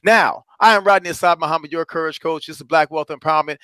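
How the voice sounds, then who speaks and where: A man's voice: on the high side, quick pace, few pauses, bright, forceful tone, clean tone, no room sound. A man, hosting a motivational talk as a courage coach, calling listeners brothers and sisters and repeating phrases for emphasis.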